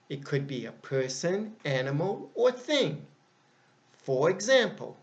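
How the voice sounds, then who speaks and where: A man teaching an English grammar lesson, speaking deliberately and repeating each example. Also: fairly high pitch. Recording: dull lo-fi sound.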